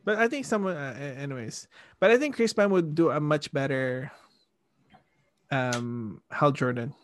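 A man chatting casually about superhero films, excitable and ranting, laughing often and swearing. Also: on the high side, normal speed, no room sound.

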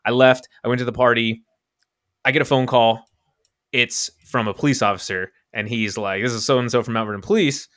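Here a young man co-hosting a podcast brings a brisk, animated energy to a casual story, his pitch jumping sharply whenever he voices a quote. The studio sound is clean with no room sound at all.

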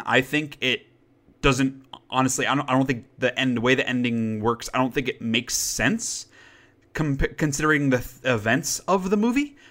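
Chatty man with a bright voice. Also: mid-range voice. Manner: chatty, rambling, with frequent fillers and restarts. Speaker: podcast co-host. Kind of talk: casual chat reviewing movies.

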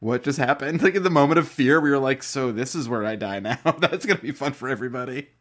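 A man co-hosting a casual podcast chat, telling animated stories and swearing freely. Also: mid-range voice, fast. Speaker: podcast co-host.

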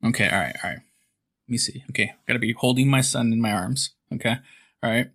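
A man co-hosting a casual podcast, animated and quick to laugh at himself. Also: mid-range voice. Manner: animated, laughs often, self-mocking. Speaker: podcast co-host. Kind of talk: casual chat.

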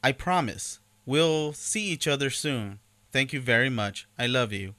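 A man doing an impression of a friendly adult male rock star, reading a translated message in an earnest, halting way. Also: mid-range voice, lively intonation, sharp tone, dry recording.

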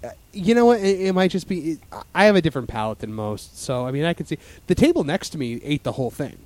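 A man's voice: a little high, very animated, quick pace, darkish tone, no room sound. A man in casual chat as a podcast host, rambling with lots of fillers and restarts.

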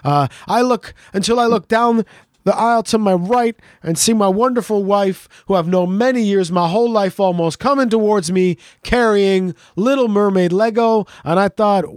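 A man's voice: high-pitched, normal speed, darkish tone, dry recording, clean studio sound. A middle-aged man co-hosting a podcast in casual chat, rambling and jokey and swearing freely. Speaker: podcast co-host.

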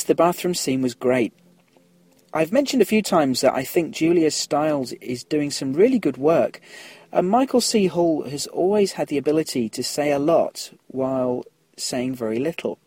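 Husky guy on a podcast reading listener mail, chatty, dry close sound. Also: on the high side, expressive, moderate pace, a little mellow, dry recording. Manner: chatty, laughs at his own slips. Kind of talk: casual podcast commentary.

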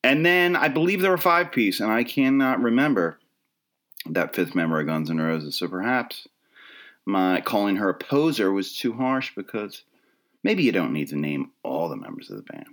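A middle-aged man hosts his own podcast, rambling through a comedic monologue packed with wry, self-deprecating asides. His voice is on the low side and a bit bright, with lively intonation and a moderate pace.

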